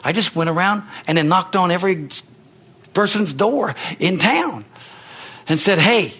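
A middle-aged male pastor preaching a fervent sermon, with a husky voice, swinging from low murmurs to shouted bursts and calling for amens. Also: lively intonation, a little slow. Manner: asks the congregation for amens.

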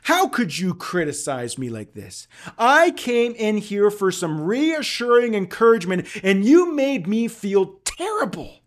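A man's voice: high-pitched, very animated, unhurried, hardly any pauses, pitched above the performer's own voice. A man voicing an indignant heart patient who shrieks in outrage at his doctor. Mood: outraged. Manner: shrieking, offended.

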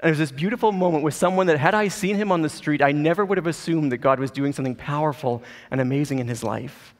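A man's voice: on the high side, fast talker, big-room sound. A man preaching a sermon as pastor, telling a personal story in an earnest, conversational way with casual asides.

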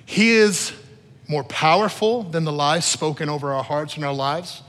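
A man preaching a sermon as pastor to a congregation, repeating key phrases and building to loud emphatic peaks. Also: on the high side, normal speed. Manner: repeats phrases for emphasis, asks the room to respond. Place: church hall with long reverb. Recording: echoey church hall.

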